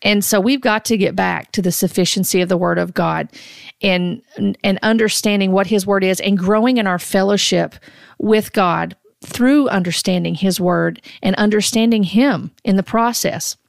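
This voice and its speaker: A woman giving earnest, measured Christian commentary, often restarting her sentences as she goes. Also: mid-range voice, vocal fry, no room sound, studio quality.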